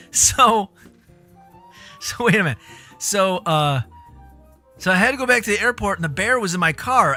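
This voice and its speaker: A man's voice: sits high, pushed and bright. A man streaming a casual reaction chat, incredulous, laughing and swearing.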